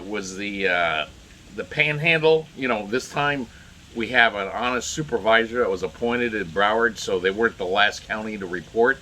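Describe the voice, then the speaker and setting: A man's voice: medium pitch, sharp tone. A man giving indignant solo political commentary, rambling with many fillers and restarts.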